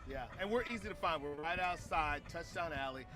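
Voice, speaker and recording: A man's voice: fairly high pitch, brisk, over music. Upbeat man from Missouri hosting outdoors. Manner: upbeat, laughs often, thanks sponsors. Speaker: livestream host. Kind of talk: casual outdoor livestream chat. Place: outdoor tailgate area beside a stadium.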